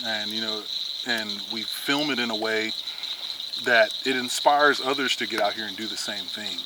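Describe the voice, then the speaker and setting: A man's voice: mid-range voice, very noisy. A man hosting a fishing video channel, talking casually and filling his sentences with "you know" and "man". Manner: rambling, heavy on fillers like "you know" and "man"; upbeat greeting to viewers. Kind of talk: casual reflective talk and vlog narration.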